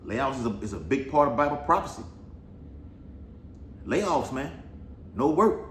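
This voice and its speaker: A man's voice: medium pitch, very animated, a little slow. A man giving casual, rambling Bible prophecy commentary, full of swearing and repeated "all right"s. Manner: rambling, profane, keeps saying "all right". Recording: echoey room with faint noise.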